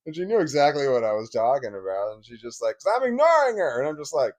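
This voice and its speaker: A man rambling through a personal story to the camera. He swears freely, laughs as he talks and often restarts his sentences, with a medium-pitched voice. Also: animated, quick pace, a little mellow. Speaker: divorced father telling a story.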